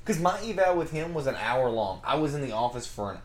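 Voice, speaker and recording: An animated man tells a story on a podcast, laughing as he goes. His voice sits at a middle pitch. The room around him sounds roomy and echoey. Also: fast talker, a loud crowd. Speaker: podcast co-host. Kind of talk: casual storytelling chat. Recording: roomy echo.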